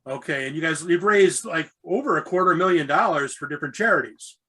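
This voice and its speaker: A man's voice: fairly high pitch, animated, fairly quick, sharp tone, slightly rough, rough recording. A man hosting a casual interview, easygoing and repeating words as he leads the questions. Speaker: podcast host.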